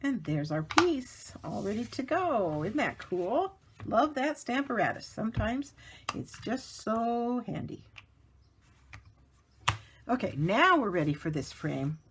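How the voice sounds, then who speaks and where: A chatty woman talks through a card-making tutorial in an unhurried way, her pitch rising and falling a lot. Small laughs break up her step-by-step narration at her work table, and a faint hiss sits under the camera-mic recording. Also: very animated. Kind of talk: casual craft tutorial narration.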